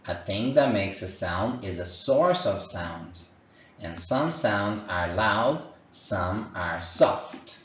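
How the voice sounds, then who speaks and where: A man teaching an online lesson to young children, speaking in a slow, encouraging way and sounding out animal noises. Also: on the low side, lively intonation, fairly bright tone, slight background noise. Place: room at home. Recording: echoey, distant, dull home recording.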